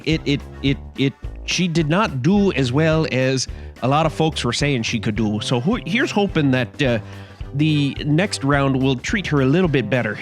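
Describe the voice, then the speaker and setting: A man's voice: medium pitch, natural voice. A man voicing a rambling, cheerful Wisconsin field reporter with an Upper Midwest accent, full of "eh" and "you betcha".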